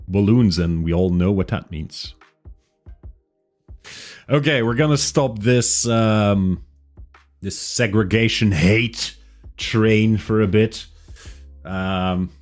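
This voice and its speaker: Low-voiced streamer, slow and rambling, self-mocking casual chat. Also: male voice. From Flanders, Belgium. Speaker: livestreamer.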